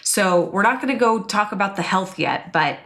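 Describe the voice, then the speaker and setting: A woman teaching about personality types in a chatty, expressive way, often acting out quotes. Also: mid-range voice, normal speed. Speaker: Enneagram coach and teacher. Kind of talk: casual teaching talk to an online class.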